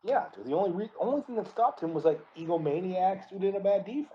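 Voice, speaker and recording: A man co-hosting a podcast in casual sports chat, animated, saying "dude" constantly and often restarting his sentences. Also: high voice, fast talker, highs cut off, slight background noise. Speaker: podcast co-host.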